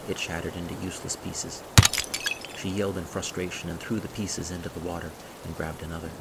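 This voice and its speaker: Male audiobook narrator: very low, gravelly, measured; heavy storm sound bed. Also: heavy background noise. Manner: steady, measured storytelling. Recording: rain and thunder sound effects. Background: rain and thunder.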